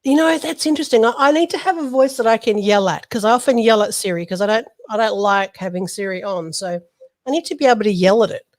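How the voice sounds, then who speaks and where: A woman co-hosts a tech podcast in a relaxed, chatty way. She reads out feature notes and breaks off into quick joking asides. Her voice sits at an ordinary middle pitch. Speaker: podcast co-host. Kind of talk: casual chat, reading out update notes.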